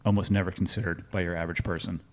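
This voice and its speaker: A male podcast host with a somewhat low voice chats casually with his guest. He thinks out loud and reaches for offhand comparisons. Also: flat delivery, racing. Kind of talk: casual conversation.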